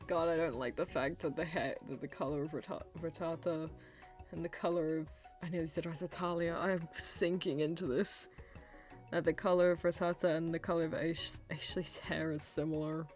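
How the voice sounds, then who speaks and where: A woman's voice: deep voice, steady tone, moderate pace, a little mellow. A young woman streamer playing through a game with giggly, playful, self-mocking commentary, reading the narration aloud. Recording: faint music behind.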